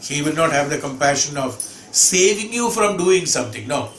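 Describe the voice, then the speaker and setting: A man's voice: fairly high pitch, expressive, normal speed, fairly bright tone. A man teaching a scripture discourse, emphatic, repeating phrases and asking rhetorical questions. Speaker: spiritual teacher. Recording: echoey room with background hum.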